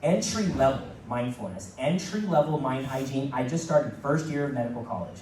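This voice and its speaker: With an expressive, darkish, medium-pitched voice at normal speed, a middle-aged man gives a motivational keynote, repeating phrases for emphasis and performing quoted dialogue. An echoey room, a distant mic and a little hiss or hum mark the recording.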